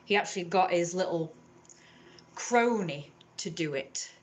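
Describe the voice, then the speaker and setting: A young woman tells a long grievance to her camera, rambling and indignant, with a somewhat low voice. She jumps into higher voices to mimic the people in her story. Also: lively intonation, a little slow. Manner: rambling, indignant, acts out others in raised voices. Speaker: vlogger.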